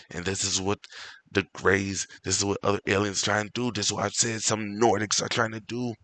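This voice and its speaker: A man's voice: fairly low pitch, sharp tone, dry recording. A man in his thirties hosting a livestream, ranting casually in a profane, slangy way and often repeating himself. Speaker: livestream host. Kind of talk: casual rambling rant to chat.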